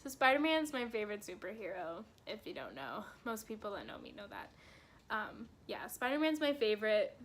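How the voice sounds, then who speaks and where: Young woman, vlogger, casual movie chat, bright voice, slightly high, excitable, laughs a lot. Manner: chatty, excitable fan, laughs often, swears casually.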